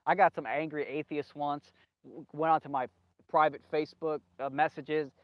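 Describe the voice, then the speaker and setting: A man's voice: on the high side, little pitch movement, normal speed, dry recording. A man hosting a solo video monologue, rambling, repeating himself emphatically and losing his train of thought. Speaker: video host. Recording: dull lo-fi, dry sound.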